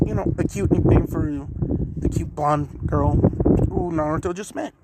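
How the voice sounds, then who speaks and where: A man's voice: on the high side, unhurried, very noisy. A man casually retelling a fan-made story, rambling and often correcting himself with lots of fillers.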